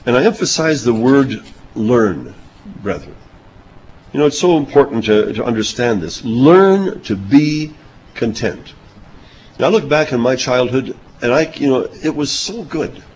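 A man's voice: mid-range voice, expressive, normal speed, a little mellow, breathy edge, highs cut off. Folksy older man preaching a sermon. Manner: folksy, chuckling anecdotes.

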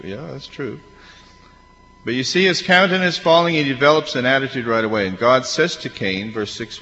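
In this dull hall recording with a long echo, a male pastor delivers a conversational sermon, questioning the congregation and performing quoted voices. His medium-pitched voice is bright and forceful, with lively intonation at a normal speed, and soft music plays in the background.

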